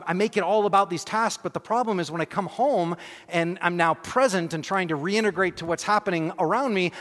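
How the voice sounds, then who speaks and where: Animated preacher man in an echoey hall. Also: high voice. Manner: animated, acts out scenes, self-deprecating humor. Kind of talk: sermon storytelling.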